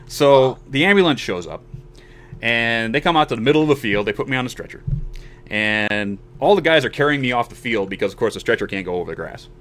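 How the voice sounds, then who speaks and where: Speaking briskly in a medium-pitched voice, this male show host in his forties relays a lengthy personal story on his podcast. His casual, animated telling includes performing the voices of the people in it.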